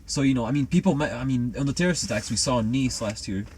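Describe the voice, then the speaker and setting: A man's voice: medium pitch, expressive, quick pace, darkish tone, slightly rough. A man chatting casually and rambling confidently through a conspiracy theory. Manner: rambling, self-assured. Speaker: co-host.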